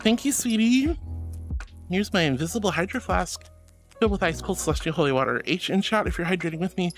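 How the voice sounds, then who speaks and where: A woman's voice: on the low side, animated, fairly quick, soft background music. A woman streamer chatting casually with her viewers, playful and melodramatic, with frequent giggles. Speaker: VTuber streamer. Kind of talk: casual livestream chat reading messages.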